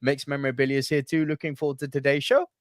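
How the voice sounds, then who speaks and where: A man's voice: mid-range voice, little pitch movement, very fast, no room sound, studio quality. A young man co-hosting a podcast, chatting casually with jokey, swearing rants. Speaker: podcast co-host. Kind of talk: casual chat.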